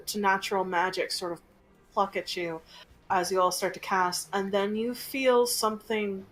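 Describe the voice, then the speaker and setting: A woman game master narrating a tabletop game in a slow, gentle storytelling manner. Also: medium pitch, low-quality recording.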